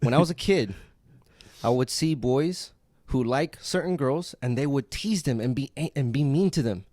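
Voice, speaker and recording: A young man co-hosting a podcast in casual chat, laid-back and quick to laugh. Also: medium pitch, lively intonation, darkish tone, no echo, studio quality. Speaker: podcast co-host.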